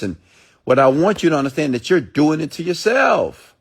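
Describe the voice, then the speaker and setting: A man's voice: big pitch swings, fairly quick, slightly rough. A man giving an emphatic, preachy motivational monologue to his audience. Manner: preachy, emphatic, mimics listeners in high voices. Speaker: motivational speaker.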